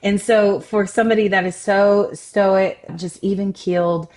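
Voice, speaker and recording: A woman relationship coach and podcast host, telling personal stories in a loud, expressive, candid conversational way. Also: mid-range voice, a little slow.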